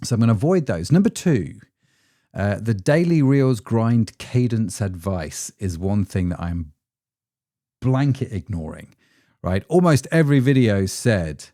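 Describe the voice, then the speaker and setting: A middle-aged male podcast host talks through his thoughts solo in a chatty, self-deprecating way, often tagging on rhetorical questions. His voice sits low and mellow yet swings widely in pitch. The sound is close and dry. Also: expressive, measured pace, no echo. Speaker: podcast host, ecommerce founder.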